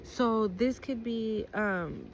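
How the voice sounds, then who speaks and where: A woman's voice: fairly high pitch, expressive, very slow, noisy background. A woman giving a casual tarot reading to her viewers, blunt and profane, repeating her points with a frequent "okay?". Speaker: tarot card reader.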